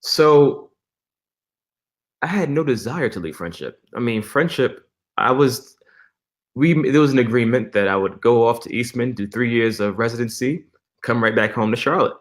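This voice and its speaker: Man, young adult, interview guest, lively storyteller, mid-pitched voice. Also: normal speed. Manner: animated storyteller, acts out quoted dialogue with laughs. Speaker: interview guest, church musician.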